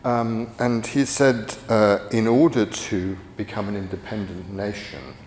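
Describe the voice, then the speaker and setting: A man's voice: on the low side, steady tone, a little slow, a little mellow, slight background noise. A middle-aged man giving a rambling conference lecture, full of restarts and fillers. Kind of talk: conference talk. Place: conference hall. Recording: echoey hall from afar.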